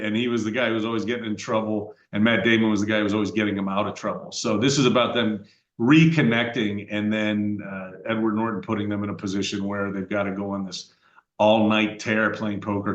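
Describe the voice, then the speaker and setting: A middle-aged American man hosting a podcast, talking in a casual, rambling way with frequent fillers and restarts. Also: on the low side. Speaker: podcast host. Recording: roomy echoey room.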